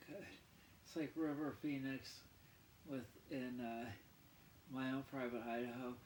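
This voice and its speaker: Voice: mid-range voice, steady tone, unhurried, a little mellow, roomy sound, a little hiss or hum, poor audio. A vlogger talking to camera in a rambling, casual monologue, often apologizing and drifting into rants. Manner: rambling, keeps apologizing, ranting.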